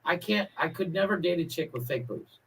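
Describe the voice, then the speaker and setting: A man co-hosting a podcast in casual banter, sarcastic and quick to tease. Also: high voice, animated, fairly bright tone, slightly rough. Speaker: podcast co-host.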